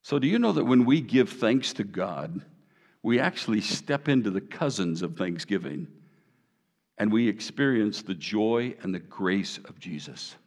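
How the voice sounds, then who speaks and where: Animated Midwestern pastor preaching. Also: male voice, on the low side, measured pace, big-room sound. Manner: animated, conversational preaching with sound effects and jokes. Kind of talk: sermon.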